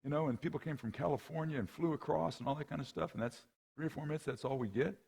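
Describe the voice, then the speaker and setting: Speaking quickly in a fairly high voice with vocal fry and a breathy edge, a middle-aged man tells stories to a men's conference. He's a rowing coach there as guest speaker, animated and acting out characters, often tossing in "right?" and "okay?".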